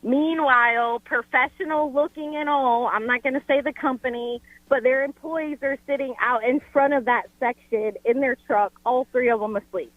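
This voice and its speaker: A woman's voice: high voice, fairly even intonation, normal speed, hardly any pauses, dry recording. Exasperated woman calling in by phone. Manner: exasperated, filler-heavy storytelling. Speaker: caller. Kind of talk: casual call-in chat. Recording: tinny phone line.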